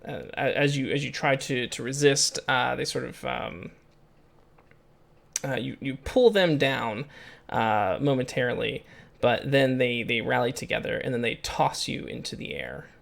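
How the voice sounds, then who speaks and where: Gravelly-voiced man running a tabletop game. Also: mid-range voice, expressive. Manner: halting, many fillers and restarts. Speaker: game master.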